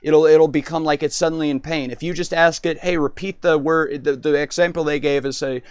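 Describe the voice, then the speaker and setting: A man on a live stream chatting with an AI, excitable and rambling, often cutting in. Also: fairly high pitch, brisk, clear, resonant tone, dry recording.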